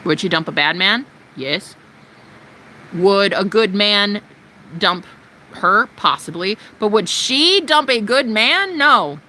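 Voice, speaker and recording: A brash woman streamer rants in a casual, profane, sarcastic way. Her voice is bright and sharp, and her pitch jumps all over with very animated delivery. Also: slow, a little hiss or hum, poor audio. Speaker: live streamer. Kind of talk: casual ranting livestream.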